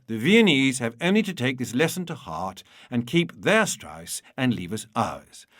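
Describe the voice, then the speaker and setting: A man reading a humorous memoir aloud in a wry, measured storytelling manner. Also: medium pitch, a bit bright, no room sound, studio quality. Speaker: narrator. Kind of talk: audiobook reading.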